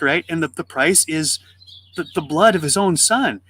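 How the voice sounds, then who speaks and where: A man on a faith podcast, telling a parable and acting out its voices with lively swings in his delivery. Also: a little high, normal speed, slightly rough. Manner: animated storyteller, acts out the voices in his story. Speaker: podcast co-host. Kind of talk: faith podcast conversation, storytelling.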